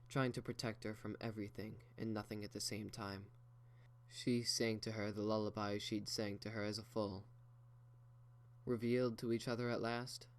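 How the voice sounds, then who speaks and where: A man reading a fan fiction story aloud in a slow, measured way. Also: on the low side. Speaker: reader.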